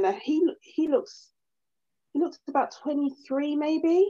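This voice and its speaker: Animated woman telling stories. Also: high voice, normal speed. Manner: animated storyteller, swears, acts out quoted men. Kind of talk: casual podcast chat. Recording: dull lo-fi audio.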